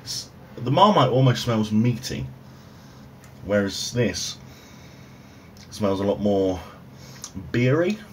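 A man with a fairly low voice talks through a casual food review in a dry, offhand, self-mocking way. He was recorded on an overhead phone camera in a room at home, with a faint hum of room noise underneath. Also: animated, takes it slowly, long pauses.

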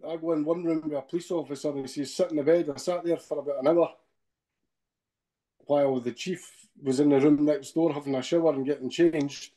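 A middle-aged man from Scotland, guesting on a podcast, tells his story in a mellow, dark voice pitched a little high for a man. His retelling rambles from point to point, and he keeps tagging lines with a questioning "eh?".

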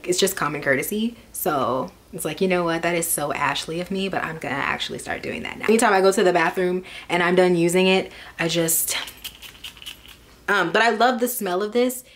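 A young woman vlogging casually, rambling and chatty with lots of fillers as she goes through things. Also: fairly low pitch. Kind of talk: casual chat.

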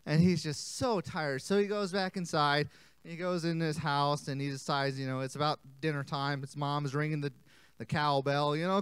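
A man teaching a children's church lesson as animated, playful storytelling, joking and interrupting himself. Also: on the high side, moderate pace, clear, resonant tone, dry recording. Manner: playful, self-interrupting, jokey.

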